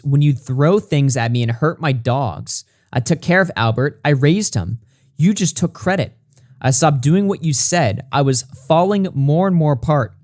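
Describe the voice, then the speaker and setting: A man's voice: on the high side, expressive, darkish tone, dry recording. Man reading a statement aloud, dry sound. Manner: measured reading with occasional stumbles and brief asides. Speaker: commentary YouTuber.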